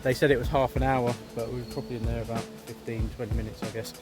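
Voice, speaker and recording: A breathless man talks to his handheld camera while climbing a hillside trail outdoors. His chat is rambling and self-deprecating, and music plays clearly underneath him. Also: medium pitch, level tone, racing. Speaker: vlogger. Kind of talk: casual vlog talk to camera.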